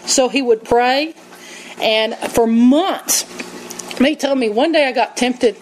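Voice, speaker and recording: A woman preaching a sermon, telling stories in an animated way and acting out quotes. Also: fairly high pitch, slow pace, slight background noise, rough recording. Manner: animated storytelling, acts out quotes, laughs often.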